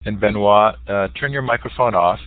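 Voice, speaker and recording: A man moderating a webinar, calmly giving step-by-step technical guidance over an online call. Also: fairly low pitch, moderate pace, no echo. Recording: tinny phone-like web call.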